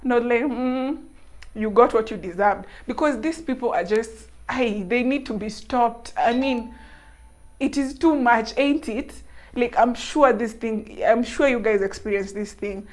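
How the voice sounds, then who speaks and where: Young kenyan woman vlogging, chatty storytelling, laughs a lot, voice a bit high. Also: measured pace. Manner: animated, laughing, mixing in local words. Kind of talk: casual storytelling to camera.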